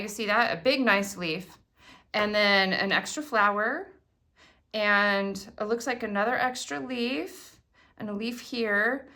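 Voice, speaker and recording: A chatty woman in middle age gushes over each new craft item she unboxes, thrilled and talkative. Her voice is a little higher than most and sharply bright. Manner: gushing, excitable, chatty. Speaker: craft product demonstrator. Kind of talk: casual unboxing chat.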